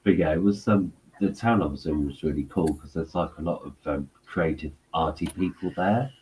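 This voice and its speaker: A man telling stories in casual chat, halting and rambling with many fillers. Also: a bass voice, a little mellow, a little hiss or hum, poor audio.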